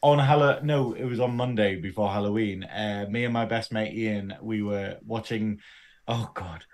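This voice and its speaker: A man's voice: lowish voice, steady tone, normal speed. A man co-hosting a podcast in casual chat, laughing often and swearing freely. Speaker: podcast co-host.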